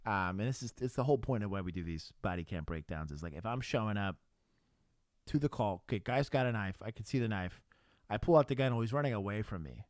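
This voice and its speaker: Blunt, swearing former cop on a livestream. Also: male voice, lowish voice, lively intonation, quick pace, no room sound, clean studio sound. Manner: blunt storytelling with profanity and frequent laughs. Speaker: livestream co-host, former police officer. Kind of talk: casual livestream chat.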